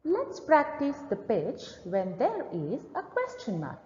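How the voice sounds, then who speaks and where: A woman teacher leads a reading lesson, speaking slowly and deliberately. Her pitch rises and falls widely as she models expressive reading. The recording is reverberant and dull, with a long room echo.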